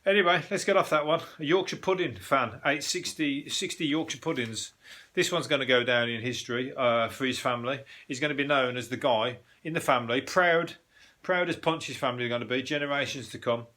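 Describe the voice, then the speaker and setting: A man talks through odd news stories on his own show. His voice is bright and forward, and he rambles, swears freely and keeps breaking off to joke. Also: mid-range voice, brisk. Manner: sweary, jokey rambling with frequent laughs. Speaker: podcast host. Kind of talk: casual solo news commentary.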